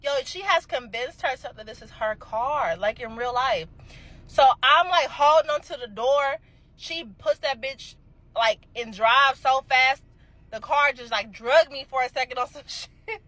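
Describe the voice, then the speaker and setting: A young adult woman telling a casual storytime, animated and emphatic, swearing freely. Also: high-pitched, a little slow, no room sound, poor audio.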